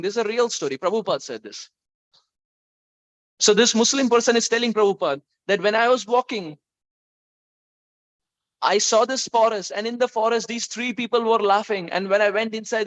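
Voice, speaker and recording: High-voiced preacher storytelling. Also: male voice, normal speed. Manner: animated storyteller, repeats for emphasis. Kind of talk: storytelling sermon. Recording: dull, dry lo-fi sound.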